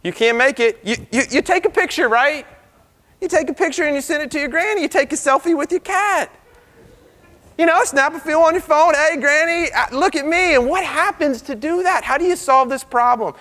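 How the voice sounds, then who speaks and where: A computer science professor giving an animated debate speech, firing rhetorical questions at the crowd. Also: male voice, very high-pitched, fairly quick. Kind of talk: lively debate speech to an audience. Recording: reverberant hall.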